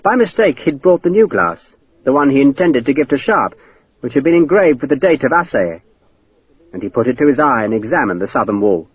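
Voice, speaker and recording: A man narrating an audiobook in a dramatic, expressive way. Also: mid-range voice, brisk, slightly rough, lo-fi sound. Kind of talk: scripted narration.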